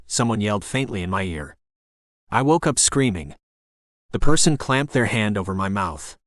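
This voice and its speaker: A man narrating a first-person novel as an audiobook in a steady storytelling voice. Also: on the low side, moderate pace, dry recording, clean studio sound.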